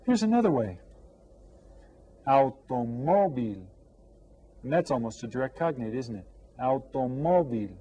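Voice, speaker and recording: A man teaching an elementary language lesson, drawing out each new word slowly and coaxing the class with friendly questions. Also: medium pitch, sing-song, warm tone, husky, lo-fi sound. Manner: slow, drawn-out repetition of vocabulary for students. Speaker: Spanish teacher.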